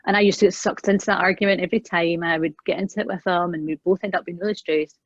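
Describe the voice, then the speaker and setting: A woman guest in an interview, earnestly telling a personal parenting story and acting out the quoted lines, often trailing off softly. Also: lowish voice, fairly even intonation, quick pace, no room sound. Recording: dull, dry, lo-fi sound.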